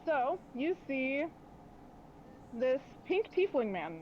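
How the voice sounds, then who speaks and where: Young woman game master, loose rambling narration, higher pitch, lo-fi recording. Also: big pitch swings, slow pace, slight background noise. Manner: rambling, filler-heavy, laughing often. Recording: dull lo-fi audio.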